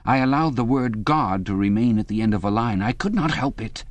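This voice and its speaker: A man's voice: animated, natural voice. A man doing a fussy, dreamy pedant prisoner. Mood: indignant pedantry. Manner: vague, fussy, rising higher voice, drawn-out words. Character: dreamy pedantic middle-aged male poet prisoner.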